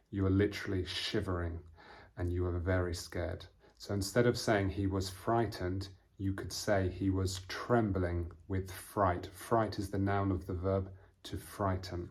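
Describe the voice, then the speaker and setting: A British man sits before his camera and walks learners through English vocabulary. His voice sits slightly low, and his delivery is patient and explanatory, with "um"s and little acted-out examples. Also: steady tone, measured pace. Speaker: English teacher. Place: indoors, seated at camera.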